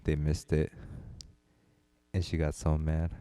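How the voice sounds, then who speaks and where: A man co-hosting a casual podcast, telling a story in a laid-back way and quoting others in low asides. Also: completely flat delivery, takes it slowly, mellow, clear, resonant tone, no room sound, clean studio sound. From United States. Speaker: podcast co-host. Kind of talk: casual chat.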